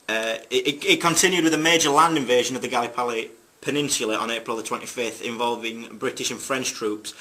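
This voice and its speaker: Young male student narrator with a bright, sharp tone, reading history with hesitant ums and tossed-off jokes. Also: mid-range voice, fairly even intonation, moderate pace. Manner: jokey asides, hesitant fillers. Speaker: student presenter. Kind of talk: narrating a school history video.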